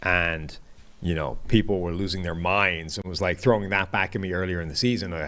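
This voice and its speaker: A man's voice: sits low, fairly quick, sharp tone. A man co-hosting a casual sports podcast, making dry, wry remarks. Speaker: podcast co-host.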